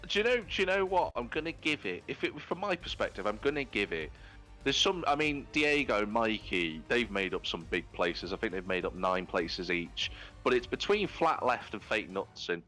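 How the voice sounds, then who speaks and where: A man giving live commentary on an online racing league, his voice rising high and animated as he calls out finishing positions. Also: moderate pace, soft background music. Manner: excitable, jumps high when calling positions. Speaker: race commentator. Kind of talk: live esports race commentary.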